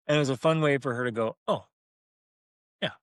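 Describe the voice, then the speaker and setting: Man, parenting co-host, animated storyteller, mid pitch, dry room. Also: racing, smooth, no room sound. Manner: animated, acts out family voices. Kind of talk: casual storytelling.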